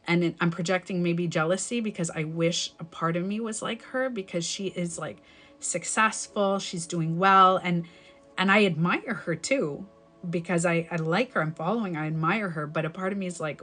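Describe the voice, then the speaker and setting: A woman's voice: on the low side, normal speed, fairly bright tone, soft background music. A young adult woman, a life coach, giving advice in a live stream. She talks candidly and emphatically, swears casually and corrects herself mid-sentence as she rambles.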